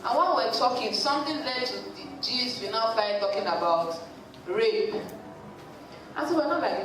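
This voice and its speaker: Animated woman in echoey church hall. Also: mid-range voice, moderate pace, distant mic, background noise. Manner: animated storytelling, addressing the congregation directly. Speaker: psychologist speaking at a church service. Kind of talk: lively talk at a church service.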